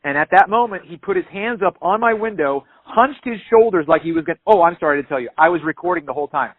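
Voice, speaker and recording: A man's voice: high voice, quick pace, dry recording. A man calling in to a radio show, earnestly retelling a traffic stop in detail. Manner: animated, retells dialogue, earnest. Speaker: caller telling his story. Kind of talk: conversational storytelling. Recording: dry phone-line sound.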